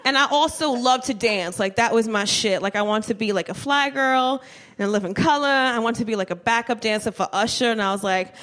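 A woman from New Jersey performing a stand-up comedy set, telling brash, profane, animated stories on a club stage mic. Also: on the high side, brisk. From New Jersey, USA.

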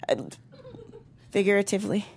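A woman's voice: mid-range voice, level tone, moderate pace, a little mellow. A woman in her thirties doing stand-up comedy with blunt, profane, punchy delivery. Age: 30s.

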